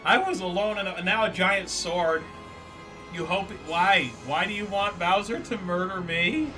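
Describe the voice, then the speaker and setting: A man's voice: high voice, a little slow, sharp tone, faint music behind. A man casually commentating a game on a live stream, joking and teasing a viewer.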